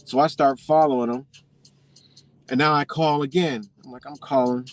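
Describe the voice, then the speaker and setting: A man casually telling a story as a vlogger, swearing freely and animated as he talks. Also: medium pitch, moderate pace, dry recording.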